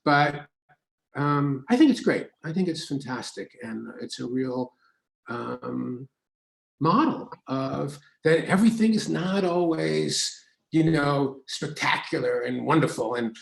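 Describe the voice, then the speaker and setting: A man's voice: a little high, animated, takes it slowly, vocal fry. A man, the host's husband, talking casually on a live broadcast, telling anecdotes with fillers and laughs and lifting his voice when he quotes women. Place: writing studio. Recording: echoey room.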